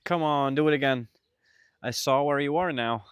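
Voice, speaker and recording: A man's voice: mid-range voice, normal speed, smooth, no echo. A man live-streaming, muttering to himself as he fishes and chatting casually with his viewers. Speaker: livestreamer.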